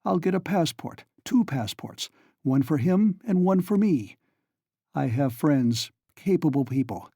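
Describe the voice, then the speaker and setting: An obsessive older nobleman, read by a male narrator, presses his case in urgent, pleading tones. The voice is warm and dark, recorded dry and close. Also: fairly high pitch, animated, a little slow, vocal fry, slightly rough, no room sound, pitched above the performer's own voice, heavily acted. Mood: impassioned. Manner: urgent, pleading, sometimes hushed.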